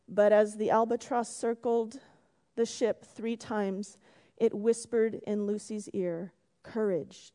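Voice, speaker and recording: A woman preaching a gentle sermon to her congregation, telling a story and closing in prayer, sometimes dropping to a whisper. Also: a little high. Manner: gentle, drops to a whisper for emphasis. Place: church sanctuary. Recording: long reverb in a church hall.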